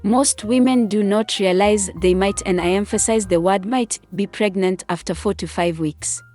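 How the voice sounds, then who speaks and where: A woman's voice: mid-range voice, moderate pace, darkish tone, faint music behind. A woman hosting a channel, reading scripted commentary in a stern, lecturing way. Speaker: channel host.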